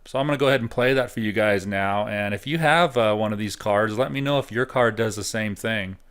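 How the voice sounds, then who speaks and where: A middle-aged man giving a relaxed, casual review of computer hardware at home, thinking out loud with frequent pauses. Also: lowish voice, clear, resonant tone. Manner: relaxed, thinking aloud with fillers. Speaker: tech reviewer.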